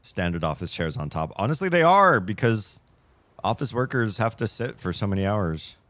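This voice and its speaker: A male streamer chatting casually on a livestream, ranting in an animated, exasperated way and reading out chat messages and answering them from his home streaming desk. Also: fairly low pitch, moderate pace, no room sound.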